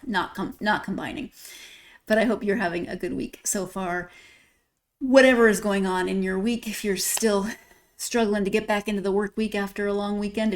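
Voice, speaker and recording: Chatty woman podcast host, self-mocking. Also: mid-range voice. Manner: chatty and rambling, laughs at herself. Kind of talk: casual solo podcast sign-off.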